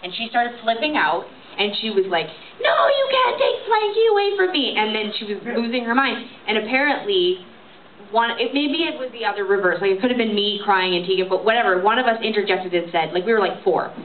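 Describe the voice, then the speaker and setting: A woman's voice: mid-range voice, fairly quick. Woman joking on stage, tinny and echoey. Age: young adult. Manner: joking, rambling storyteller. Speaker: musician answering audience questions. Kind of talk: casual on-stage chat. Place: large cinema, indoors. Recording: tinny, echoey audience tape with loud crowd.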